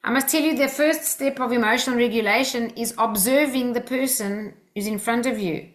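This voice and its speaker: A woman's voice: a little high, normal speed. An Australian woman teaching a workshop group, talking in an earnest, personal, coaching way.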